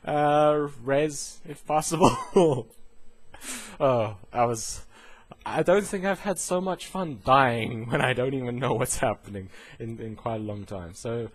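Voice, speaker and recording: A man's voice: mid-range voice, husky. A man talking casually in a gaming vlog, laughing often and slipping into mocking put-on voices. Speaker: gaming vlogger.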